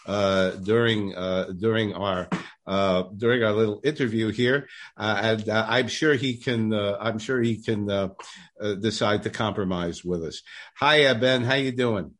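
Male podcast host, lowish voice, halting delivery with lots of fillers. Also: steady tone, a bit bright. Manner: hesitant, many filler words. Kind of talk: casual podcast interview.

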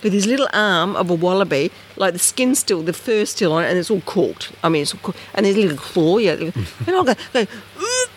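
An Australian woman, an interview guest, telling a personal story in a lively way and acting out the voices and sounds in it. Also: on the low side, brisk, hardly any pauses, slight background noise. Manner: animated, acts out voices and sounds.

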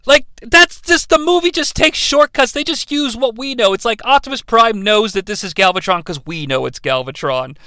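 A man's voice: very high voice, animated, moderate pace, few pauses, sharp tone, smooth, no echo. A man reviewing a movie in a sarcastic, profane, rambling comedic rant.

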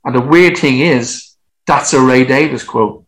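A man's voice: medium pitch, a little slow, a bit bright, poor audio. An Irish man in his fifties, a musician guest telling an anecdotal story in casual interview talk, swearing freely. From Ireland.

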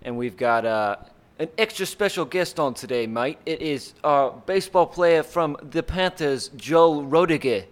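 A man's voice: fairly high pitch, expressive, a little slow, few pauses. A man hosting a casual sports podcast, upbeat, loose and chatty. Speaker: podcast host.

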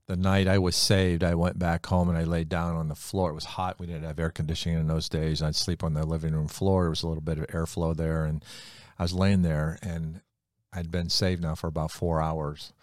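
An older pastor in his sixties with a very deep voice speaks softly and reflectively, often pausing and restarting. His talk is casual and personal. The sound is dry and close. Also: flat delivery, no echo. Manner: reflective, halting, soft-spoken. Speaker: pastor co-host. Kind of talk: casual chat, personal testimony.

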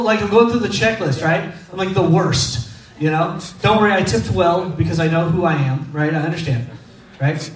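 A man's voice: sits high, lively intonation, brisk. A man in his thirties from Texas, preaching in a casual, humorous, self-deprecating storytelling style. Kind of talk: conversational sermon storytelling. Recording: echoey room, distant mic.

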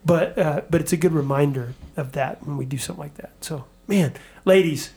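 A man hosting a church podcast, talking in a reflective, halting way with many restarts. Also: on the high side, creaky, a little mellow. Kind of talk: casual chat.

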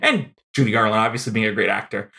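A man co-hosting a podcast, chatting casually about old movies with lots of fillers and quick laughs. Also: on the low side, creaky, bright, forceful tone. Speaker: podcast co-host. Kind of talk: casual film discussion.

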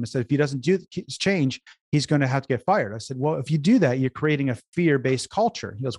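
A man's voice: medium pitch, animated, quick pace, a little mellow, dry recording, studio quality. A man who is a business consultant, a guest on an interview podcast, telling stories earnestly, repeating words and restarting as he goes. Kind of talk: conversational storytelling interview.

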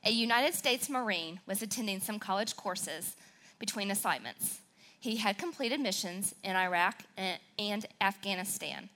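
A bright, forceful woman with a southern Wisconsin accent who is preaching at church as the pastor's wife. She tells her stories with sass and excitement, and she lets her feelings show. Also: medium pitch, moderate pace. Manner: sassy, excitable, emotional storytelling. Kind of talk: sermon.

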